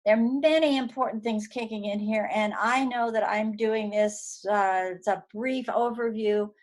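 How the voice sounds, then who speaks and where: A woman's voice: a little high, fairly even intonation, normal speed. A woman giving a lecture, talking conversationally with fillers and restarts. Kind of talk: recorded lecture.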